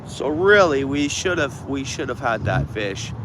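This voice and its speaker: A man's voice: medium pitch, very animated, unhurried. A man chatting to viewers on a live stream while fishing outdoors, thinking aloud as he goes. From Canada. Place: outdoors by the water. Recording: clear outdoor background noise.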